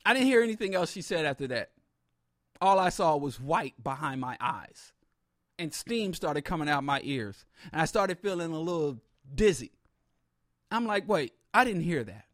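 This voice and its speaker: A man telling a humorous story in an animated, comic way with exaggerated asides. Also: a little high, normal speed, no echo, studio quality.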